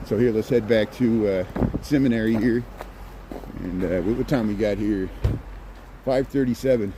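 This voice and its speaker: A man's voice: lowish voice, normal speed. A middle-aged man walking city streets at night, chatting to his phone camera in a rambling way with many restarts. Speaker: walking vlogger. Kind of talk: casual walking commentary. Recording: faint street and traffic noise.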